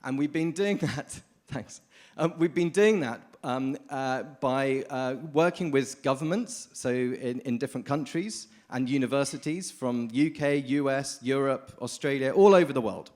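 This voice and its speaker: A man from the United Kingdom giving a lively, informal conference talk, often addressing the audience directly. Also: mid-range voice, moderate pace. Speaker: conference speaker. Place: conference hall.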